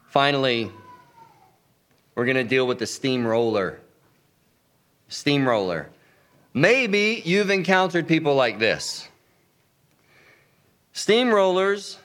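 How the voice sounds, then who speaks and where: A man giving an instructional talk, lively, acting out sample lines of dialogue as he explains. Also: medium pitch. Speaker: teacher.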